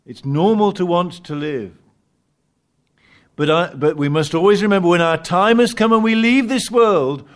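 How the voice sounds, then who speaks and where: An older man preaching a sermon, swinging from loud emphatic lines to quiet asides. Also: high voice. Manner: animated preaching, rising loud on key words, dropping to quiet asides.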